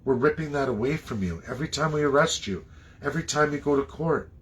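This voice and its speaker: A man from Canada delivering an impassioned, preachy monologue, swinging between loud outbursts and low muttering. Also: expressive, quick pace. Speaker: political commentator.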